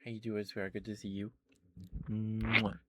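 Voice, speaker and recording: A man giving quiet, gentle ASMR chat to his stream viewers. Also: lowish voice, flat delivery, very fast, heavy background noise. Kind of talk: soft-spoken ASMR chat.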